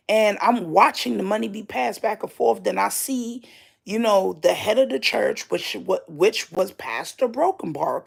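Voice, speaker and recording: A woman's voice: mid-range voice, creaky, husky. A woman telling a personal dream story casually and candidly, swearing freely as she talks. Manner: slow and drawn out. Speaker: vlogger.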